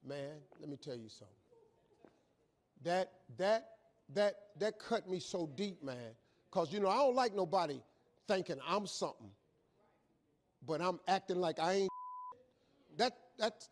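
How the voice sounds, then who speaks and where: A man telling a motivational story in a high, lively voice. He is colloquial and animated, and he acts out each exchange. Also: unhurried, long pauses. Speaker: motivational speaker. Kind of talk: storytelling speech.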